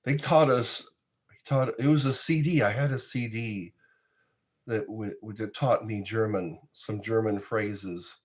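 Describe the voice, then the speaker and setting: A man's voice: fairly low pitch, a little slow. A middle-aged man, chatting casually and rambling between topics. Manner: rambling, sings snippets and quotes in goofy voices. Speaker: streamer chatting with viewers. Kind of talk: casual chat.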